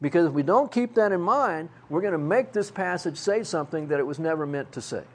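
Older man for a pastor role, high-pitched, folksy sermon delivery. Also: lively intonation, a little fast. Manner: folksy, self-mocking, with prop demonstrations.

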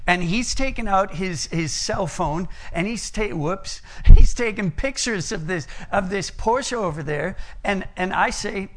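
A man's voice: high-pitched, moderate pace, hardly any pauses, a bit bright. A middle-aged man preaching a sermon, plain-spoken, who illustrates his point with a long personal story and humorous asides.

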